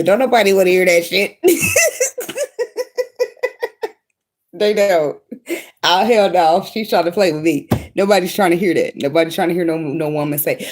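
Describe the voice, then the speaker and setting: A woman's voice: medium pitch, lively intonation, normal speed, darkish tone. A woman tarot reader giving casual spiritual advice in a blunt, slangy, profane monologue, often breaking into laughter.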